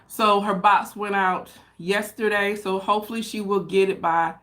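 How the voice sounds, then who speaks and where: A woman's voice: medium pitch, steady tone, moderate pace, fairly bright tone, slight background noise. Chatty American woman vlogging live. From United States. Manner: chatty, addresses viewers as y'all. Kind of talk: casual livestream chat. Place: home room with open window.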